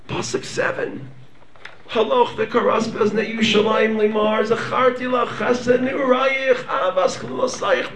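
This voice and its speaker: A man with a high voice gives a Torah lecture in a dramatic manner. His voice swings between hushed murmurs and fervent near-shouts. He is recorded from some distance in an echoey room. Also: steady tone, unhurried. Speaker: rabbi teaching a class.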